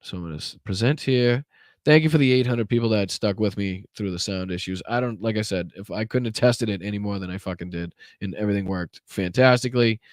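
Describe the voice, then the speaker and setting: A man's voice: lowish voice, fast talker, no room sound. A man hosting a political livestream, talking casually in a profane, exasperated, rambling way.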